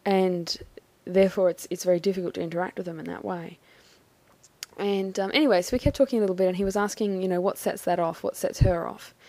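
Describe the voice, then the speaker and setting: Low-voiced woman, thoughtful and halting. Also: steady tone, darkish tone, no echo. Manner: thoughtful, halting, measured phrasing. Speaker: vlogger. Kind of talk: personal reflective monologue.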